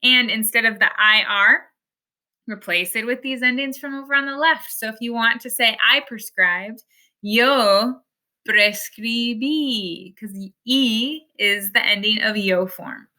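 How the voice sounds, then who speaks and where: Bright-voiced woman teaching step by step. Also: a little high, a little slow. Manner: patient, step-by-step explaining. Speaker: Spanish teacher. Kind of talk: explaining slides in a recorded lesson.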